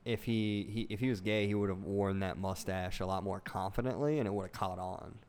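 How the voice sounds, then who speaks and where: A man's voice: deep voice, fairly even intonation, brisk, a little mellow, clear, resonant tone. A man co-hosting a casual comedy podcast, joking crudely and laughing often, recorded on a phone. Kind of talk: casual chat.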